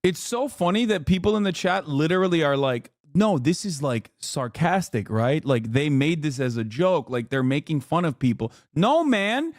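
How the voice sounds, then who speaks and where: A man with a high-pitched voice rants in casual live-stream commentary, incredulous and profane as he reacts to clips. The sound is dry and close, with no room echo. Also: moderate pace, few pauses. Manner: incredulous, profane, animated ranting.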